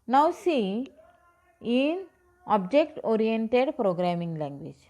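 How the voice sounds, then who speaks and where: A woman's voice: fairly high pitch, big pitch swings, slow pace, warm tone. Woman teaching a lesson. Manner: repeats points, asks "okay?" and "understood, student?". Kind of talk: classroom lecture.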